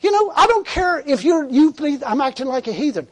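A man's voice: very high voice, sing-song, brisk. A man preaching a sermon in a fervent, conversational way, repeating words and laughing as he tells a story.

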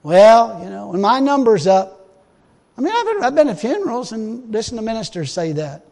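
Speaking at a normal pace, this preacher has a very high, gravelly, sing-song voice and a folksy, forceful style. Booming calls to the congregation give way to soft, dry asides and chuckles, all echoing with the long reverb of a big hall.

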